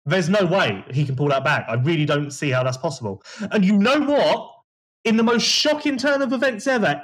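A man co-hosting a casual podcast, giving animated, opinionated race analysis. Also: fairly high pitch, breathy edge. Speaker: podcast co-host. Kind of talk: casual motocross chat.

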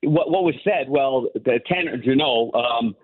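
A man's voice: medium pitch, unhurried, a little hiss or hum. A former goalie turned hockey analyst, a man, calling in and telling rambling anecdotes full of restarts. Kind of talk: casual phone-in interview. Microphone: phone. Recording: tinny phone line.

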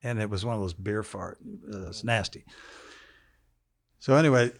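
A man's voice: on the low side, normal speed. An older man, a former football player, tells a crude, funny anecdote as a podcast guest in a studio, chuckling as he goes. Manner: laid-back, crude anecdote told with chuckles. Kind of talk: casual storytelling interview.

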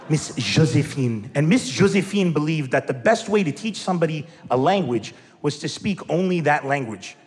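A man telling a stand-up comedy story, acting out voices and shouting his punchlines. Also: on the high side. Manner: animated, acts out voices, laughing, shouting punchlines. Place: stage before a live audience. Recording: roomy venue with faint crowd and noise.

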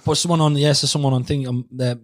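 A man, telling stories in a sweary, animated way during a casual podcast chat. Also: medium pitch, fast. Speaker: podcast guest, comedian.

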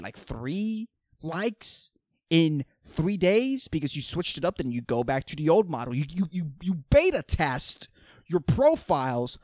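Profane ranting young man, lively swings. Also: on the high side, no room sound, clean studio sound. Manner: profane, ranting, swings from loud outbursts to mumbled asides. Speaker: podcast host. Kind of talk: solo comedic rant.

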